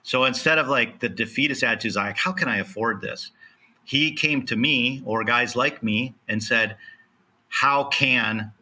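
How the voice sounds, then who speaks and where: A man with a very bright, forward tone speaks as a podcast guest. He talks emphatically and motivationally, acting out snatches of dialogue to make his points. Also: mid-range voice, measured pace. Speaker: land specialist guest. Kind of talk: podcast interview.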